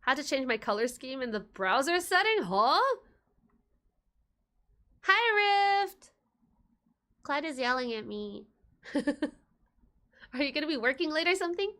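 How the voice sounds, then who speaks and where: A young woman chats casually during a livestream, playful and giggly. Her voice is high and bright. She talks loosely, reacting to her viewers. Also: sing-song, slow pace, pauses often. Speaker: streamer.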